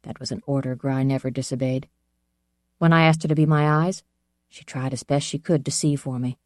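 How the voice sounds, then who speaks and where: Measured first-person audiobook narrator. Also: medium pitch, steady tone, darkish tone, dry recording, studio quality.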